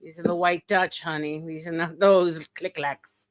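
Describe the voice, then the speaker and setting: A podcast co-host chatting in a lively, teasing way. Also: mid-range voice, moderate pace, slight background noise. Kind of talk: casual podcast banter.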